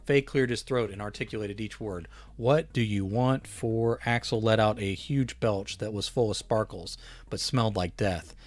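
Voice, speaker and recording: Author reading his holiday story; low voice, dry close sound, unhurried with small restarts. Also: dry recording. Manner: relaxed reading with small self-corrections.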